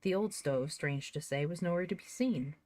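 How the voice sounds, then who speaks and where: A woman narrating an audiobook of a children's classic in a lively, expressive reading. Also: deep voice, moderate pace, no echo. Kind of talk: scripted storybook reading.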